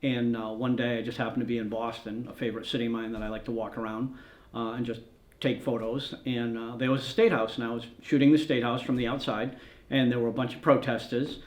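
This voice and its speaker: A male news photographer rambles through his anecdotes in a documentary interview, acting out what each person said. His voice sits at an ordinary middle pitch for a man. The room around him rings with a noticeable echo. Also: flat delivery, a little fast. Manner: rambling storyteller who acts out quoted dialogue. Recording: roomy echo.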